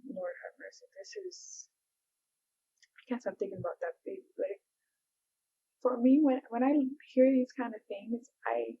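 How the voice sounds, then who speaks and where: Young woman vlogger, emotional reaction, frequent exclamations, breathy mellow voice, muffled lo-fi audio. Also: on the high side, expressive, normal speed. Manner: exclaims often, drops into hushed whispers. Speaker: YouTuber reacting to a video. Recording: dull lo-fi recording.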